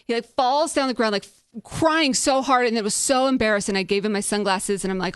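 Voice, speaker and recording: Upbeat higher-voiced woman podcast host. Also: quick pace, smooth, dry recording, clean studio sound. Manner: candid and upbeat, with occasional swearing. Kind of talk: casual storytelling on a podcast.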